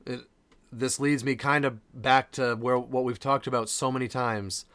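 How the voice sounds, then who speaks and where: A man's voice: mid-range voice, steady tone, moderate pace, fairly bright tone, clear, resonant tone. A man hosting a podcast, talking casually and earnestly, repeating phrases for emphasis. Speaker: podcast host.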